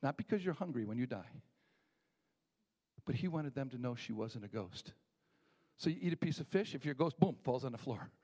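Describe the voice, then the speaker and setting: A middle-aged man preaching a sermon, telling a story with animated acted voices and hushed moments. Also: mid-range voice, a little fast. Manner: animated storytelling, acting out voices, dropping to near whispers. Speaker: pastor.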